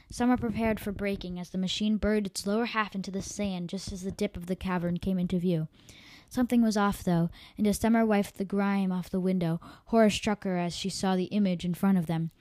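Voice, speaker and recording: A woman's voice: mid-range voice, fairly even intonation, brisk, warm tone, no echo. A woman storyteller reading her own story aloud, an amateur reader who stumbles and corrects herself. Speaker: podcast storyteller.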